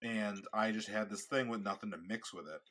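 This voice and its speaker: Male podcast co-host, low and raspy with a sharp edge, stop-start delivery, dry asides. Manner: halting, restarts often, wry asides. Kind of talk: casual chat.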